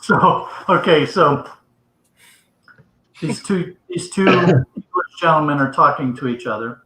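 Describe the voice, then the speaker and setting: A man telling a joke slowly and deliberately in casual chat. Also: on the high side, sharp tone. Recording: echoey room.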